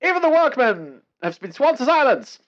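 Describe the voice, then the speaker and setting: A woman putting on the voice of a brisk 1930s newsreel announcer, reading in an emphatic announcer cadence. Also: sits high, sing-song, lo-fi sound, pitched above the performer's own voice. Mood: announcing. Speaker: streamer. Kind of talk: mock newsreader voice.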